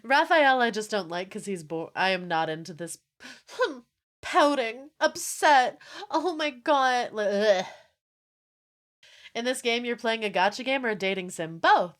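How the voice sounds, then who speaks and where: A young woman streaming and chatting casually with her viewers, animated and swearing often, with frequent laughter. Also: a little high, a little slow. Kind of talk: casual live-stream chat.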